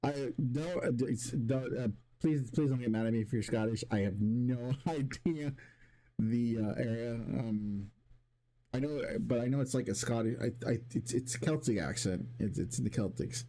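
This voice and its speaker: Mellow-voiced man ranting with restarts. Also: medium pitch, normal speed. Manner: rambling, many restarts and swearing. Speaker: streamer. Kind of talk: casual rant to stream chat.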